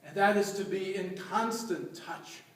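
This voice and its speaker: A man with a high voice gives a storytelling homily as a deacon. He is recorded from a distance in a church, and his voice carries a heavy echo. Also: measured pace. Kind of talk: sermon. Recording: echoey church from far off.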